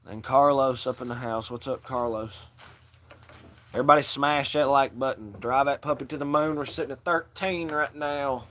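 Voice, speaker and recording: A man in the middle of his range hosts a loose, rambling livestream chat, peppering it with swearing and jokes. He greets viewers by name and answers their comments in a relaxed, offhand way. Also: medium pitch, normal speed. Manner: loose, profane, joking, shouting out viewers by name. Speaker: livestream host.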